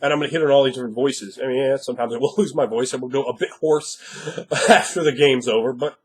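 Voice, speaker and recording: A man speaking as a game master, giving blunt, emphatic tips with frequent swearing, slightly hoarse after a cold. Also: medium pitch, fairly even intonation, fast. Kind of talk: instructional monologue.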